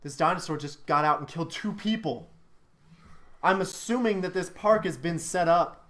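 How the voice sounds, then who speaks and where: Young man with a fairly high voice and a bright, forceful tone rants about a movie, swearing and exasperated in a loose, casual chat. He talks as the host of his own channel, with a friend chiming in. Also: normal speed. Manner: angry, exasperated ranting with swearing. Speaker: channel host reviewing a film. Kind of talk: casual ranting review chat.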